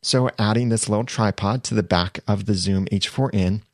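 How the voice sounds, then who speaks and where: Host type: man, lowish voice, casual gear explainer, dry close sound. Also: dry recording. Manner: chatty, self-correcting, slows down to stress items. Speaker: podcast host reviewing gear.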